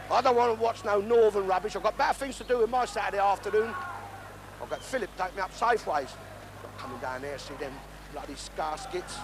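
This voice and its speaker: A man playing a crude, bigoted old Cockney woman who rants in a shrill voice. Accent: London Cockney. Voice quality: shrill, ranting, coarse. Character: crude London-accented old woman, loud bigoted royal caricature. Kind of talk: comic sketch impression. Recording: noisy old broadcast recording.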